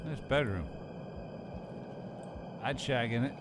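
A man's voice: mid-range voice, slow pace. A man casually commenting while he plays a horror game, joking and swearing to himself. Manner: profane, joking, talks to himself. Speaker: streamer playing a horror game. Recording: loud game noise behind. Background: horror game sounds.

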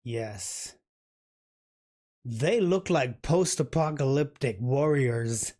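A man hosting a reaction video, gushing and halting as he comments, often repeating his words. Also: medium pitch, a little mellow, slight background noise.

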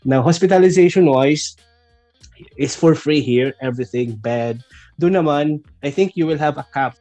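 A man's voice: fairly high pitch, normal speed, warm tone, no room sound, soft background music. A Filipino man working as a nurse, chatting casually with fillers and restarts. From Philippines. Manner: chatty, mixes in Tagalog, frequent fillers and restarts. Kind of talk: casual interview talk.

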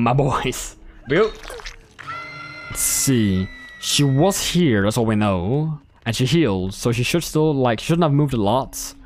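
A young man giving casual live commentary on his own gameplay, excitable, laughing and swearing as he talks to the players on screen. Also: mid-range voice.

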